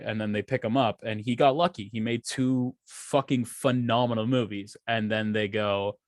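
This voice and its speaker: A man's voice: fairly low pitch, fairly quick, few pauses, dry recording, clean studio sound. Profane man ranting on a podcast. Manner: profane, animated ranting with acted quotes. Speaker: podcast co-host. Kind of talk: casual podcast rant.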